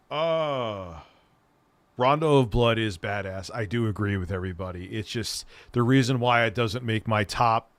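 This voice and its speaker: A man's voice: on the low side, no echo. A man hosting a casual livestream, chatting with viewers in a rambling, enthusiastic way and swearing freely. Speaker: streamer host.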